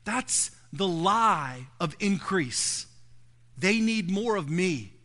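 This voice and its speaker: A man preaching a sermon as pastor, emphatic, swinging between loud build-ups and soft, low asides. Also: animated, slow pace.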